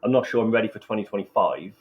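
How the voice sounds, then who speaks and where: A man's voice: fairly low pitch, animated, very fast, lo-fi sound. A Welsh man co-hosting a casual live-stream chat, dropping dry, joking asides. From Wales. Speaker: co-host.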